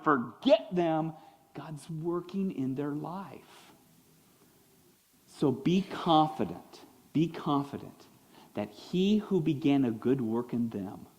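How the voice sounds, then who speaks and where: A man preaching a sermon as pastor, animated, acting out quotes and swinging between loud and soft. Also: mid-range voice, big-room sound, rough recording. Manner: animated, acts out voices and quotes, big swings in loudness.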